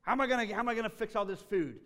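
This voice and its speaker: A man's voice: sits high, racing, a bit bright, big-room sound, pitched above the performer's own voice. A man putting on the voice of a frazzled woman who is overwhelmed by hosting a dinner, complaining shrilly. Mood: exasperated.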